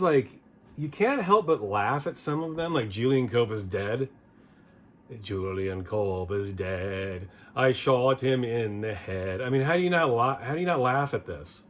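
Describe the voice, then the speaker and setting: A man's voice: medium pitch, a bit bright. Man rambling through an album review. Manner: rambling, opinionated, frequent restarts. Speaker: music video host. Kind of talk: casual record review.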